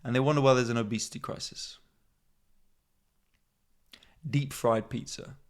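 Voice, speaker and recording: A man's voice: medium pitch, steady tone, fast. A man in his thirties hosting a comedy podcast, rambling in a self-mocking way and swearing freely. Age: 30s. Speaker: podcast host. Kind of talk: casual comedic monologue.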